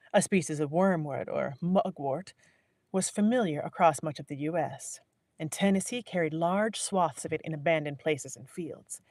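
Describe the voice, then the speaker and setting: A woman narrating a novel in a live audiobook reading, measured and willing to restart a line. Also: low voice, a little mellow, no echo. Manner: measured, restarts lines to correct herself.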